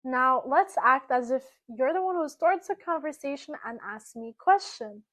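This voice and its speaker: A woman from Egypt teaching a beginner language lesson, patient, repeating phrases slowly and clearly. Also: high voice, lively intonation, a bit bright.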